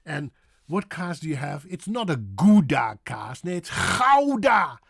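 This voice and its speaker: A man's voice: on the high side, vocal fry, husky, dry recording, clean studio sound. A Dutch man with a Dutch accent, teaching pronunciation by drawing out and exaggerating his vowels. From Netherlands. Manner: animated, drawn-out exaggerated vowels.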